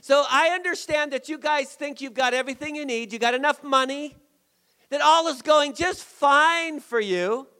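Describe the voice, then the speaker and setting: Man putting on god as stern male judge, raised voice, declaiming, high and loud. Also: normal speed, heavily acted.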